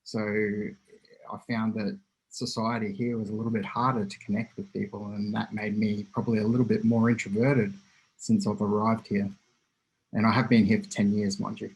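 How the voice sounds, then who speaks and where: A man from regional Australia answering in an online class discussion, measured and a little hesitant. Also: lowish voice, little pitch movement, a little mellow, breathy edge, rough recording. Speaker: student. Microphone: video call.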